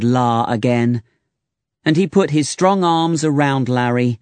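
A man narrating a storybook in a clear, deliberate reading voice. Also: medium pitch, darkish tone, dry recording.

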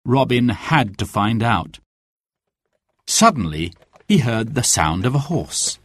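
Slow, expressive storybook narrator man. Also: mid-range voice, dry recording. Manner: expressive, with clear, careful delivery.

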